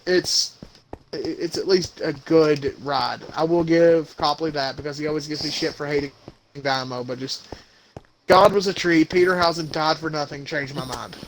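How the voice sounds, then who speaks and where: Casting: young male podcast co-host, high voice, profane ranter, faint background hiss. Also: normal speed, rough recording. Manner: ranting, profane, animated. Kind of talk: casual chat.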